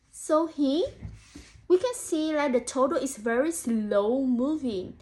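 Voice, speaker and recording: A woman's voice: sits high, takes it slowly, a little mellow. A young woman student teacher reading a picture book aloud to children and thinking aloud about it in an encouraging way. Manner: encouraging, frequent 'so' and 'mm', addresses imagined children.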